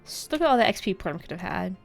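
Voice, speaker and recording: A woman's voice: medium pitch, big pitch swings, fast talker, gravelly, faint music behind. A woman hosting a casual let's-play, rambling and swearing in frustration as she plays. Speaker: gaming channel host.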